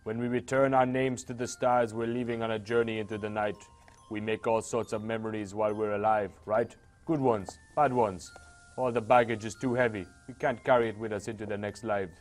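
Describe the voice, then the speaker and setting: Dude doing a chill jamaican-accent bird sage, low and soft, preachy. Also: male voice, steady tone, brisk, soft background music, close to an everyday voice. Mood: solemn. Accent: put-on Jamaican.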